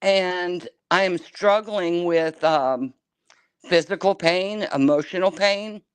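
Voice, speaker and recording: Middle-aged woman calling in, open and emotional, smooth clear voice, dry sound. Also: lowish voice, slow, dry recording. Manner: candid and emotional, openly personal. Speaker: caller. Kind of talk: casual call-in chat.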